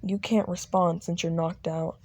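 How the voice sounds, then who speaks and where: A young woman narrating a fan audio drama slowly, halting and restarting. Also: lowish voice, fairly even intonation, a little mellow.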